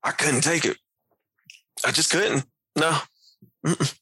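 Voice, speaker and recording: A man in casual conversation reviewing an album, animated, laughing often and talking in loose slang. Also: on the high side, slow pace, slightly rough, dry recording, low-quality recording. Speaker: podcast co-host. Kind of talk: casual music review chat.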